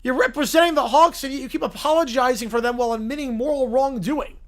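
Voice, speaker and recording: A man's voice: extremely high pitch, fast talker. A man doing a stern, exasperated judge. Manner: formal, clipped rulings.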